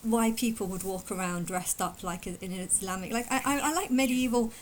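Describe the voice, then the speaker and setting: A woman vlogger talking fast in a casual, emphatic and indignant opinion monologue. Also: medium pitch, a little hiss or hum, poor audio. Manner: fast talker.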